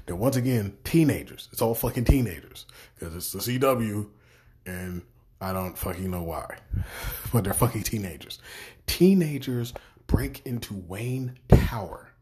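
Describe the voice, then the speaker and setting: A man's voice: deep voice, darkish tone. A young man hosting a podcast, ranting in exasperation with heavy swearing and repeated words. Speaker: podcast host. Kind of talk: profane ranting review.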